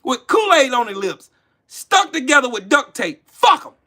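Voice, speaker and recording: A man's voice: very high voice, sing-song, normal speed, pushed and bright. A man ranting on a livestream, profane and mocking, talking to his chat viewers by name. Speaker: political commentary livestream host. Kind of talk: casual livestream rant.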